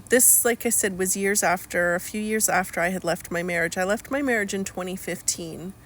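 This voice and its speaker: A middle-aged woman speaking candidly in a personal video, slow and searching, rambling with fillers. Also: medium pitch, fairly bright tone. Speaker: healing coach.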